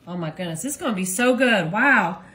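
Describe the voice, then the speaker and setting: A woman's voice: medium pitch, lively intonation, brisk, bright, forceful tone, low-quality recording. A woman hosting a casual cooking demonstration, chatty and enthusiastic. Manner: chatty and enthusiastic, often saying "y'all". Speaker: cooking video host.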